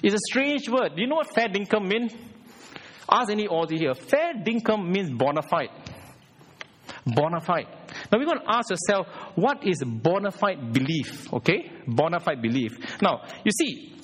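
A man preaching a sermon at a church service, emphatic and animated, putting direct questions to the congregation. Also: high-pitched, normal speed, slightly rough.

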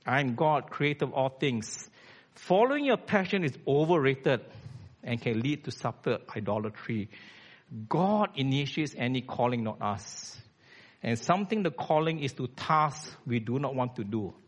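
A man's voice: mid-range voice, very animated, moderate pace, husky. A man, preaching a blunt, emphatic sermon as a church elder.

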